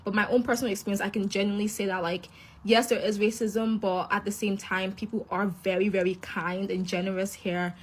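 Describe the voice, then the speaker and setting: Woman, Scottish accent, medium pitch, reflective, casual chat. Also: level tone, fairly quick. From Scotland. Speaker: content creator. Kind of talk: casual talk to camera.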